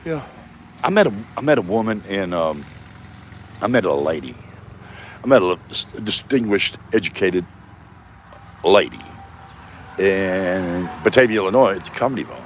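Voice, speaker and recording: Standing in his front yard with cars going by, a man in his fifties records a solo comedy vlog, cursing and rambling at his own expense. His voice is deep yet fairly bright.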